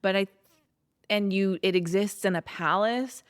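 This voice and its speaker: A woman's voice: medium pitch, measured pace, clear, resonant tone, no echo, studio quality. A woman co-hosting a podcast, casually giving opinionated movie critiques with lots of asides. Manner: opinionated, animated, many asides. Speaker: podcast co-host. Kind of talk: casual chat reviewing a movie.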